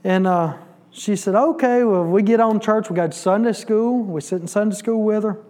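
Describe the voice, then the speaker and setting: A man's voice: high voice, moderate pace, mellow. A man giving a testimony in church, storytelling and acting out the dialogue. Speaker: church bus ministry volunteer giving testimony. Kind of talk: sermon testimony.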